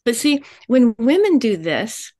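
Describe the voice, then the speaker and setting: A middle-aged woman life coach speaking as a guest, expressive and animated, often laughing and acting out quoted voices. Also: on the high side, unhurried. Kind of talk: animated interview talk.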